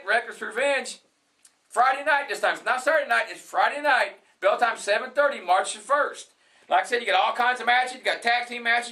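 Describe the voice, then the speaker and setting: A man's voice: extremely high pitch, sharp tone. A man hosting a wrestling talk show, rambling and repeating himself as he promotes the event. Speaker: host.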